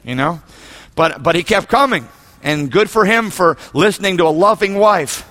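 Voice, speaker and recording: Guy pastor preaching in church, high bright voice, big shouty moments then goes quiet. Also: moderate pace. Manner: animated storytelling with shouted peaks and soft hushed asides. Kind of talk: sermon.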